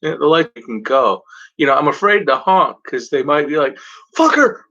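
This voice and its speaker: Bright-voiced man ranting casually. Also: mid-range voice, animated, normal speed. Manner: rambling, profane, mock-voices other drivers. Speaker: vlogger. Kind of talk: casual rambling vlog rant. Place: at home in front of a blanket backdrop. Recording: dull lo-fi home recording.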